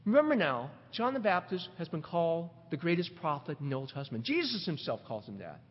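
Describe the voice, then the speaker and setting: A middle-aged man preaching a sermon, animated, asking rhetorical questions and repeating words as he builds his points. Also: a little high, a little fast, slightly rough. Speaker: pastor. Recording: dull recording with long hall reverb.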